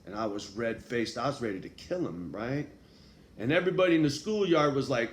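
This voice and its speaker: A man's voice: mid-range voice, animated, brisk. A man telling a personal story in a casual, profane way, full of street slang and tag questions. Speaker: vlogger. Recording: echoey room with faint background noise.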